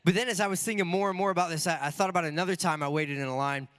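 A man's voice: sits high, very fast, a bit bright, smooth. A man preaching a sermon in a casual, joking way, often asking rhetorical questions. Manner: casual, conversational.

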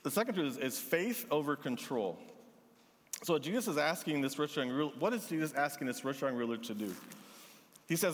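Male pastor delivering a gentle, earnest sermon; slightly high voice, reverberant hall. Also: animated. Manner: earnest, gentle preaching with pauses.

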